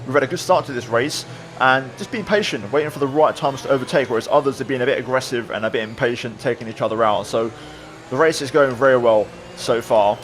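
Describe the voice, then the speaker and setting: This sim racing creator talks through his race replay in a mid-range voice, moving quickly with barely a pause. His commentary is relaxed and thoughtful, full of filler words, over noisy game sound.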